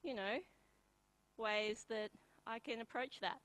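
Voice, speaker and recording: A young Australian woman performing a live comedy bit, deadpan and halting, with many pauses and ums. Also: fairly high pitch, no echo, rough recording.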